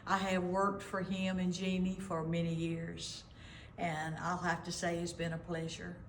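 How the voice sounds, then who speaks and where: Give me a slow-speaking woman teasing playfully in an echoey room. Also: lowish voice, completely flat delivery, slight background noise. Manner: playful and teasing, then sincere. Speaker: longtime employee interviewed for a tribute. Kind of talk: casual tribute remarks.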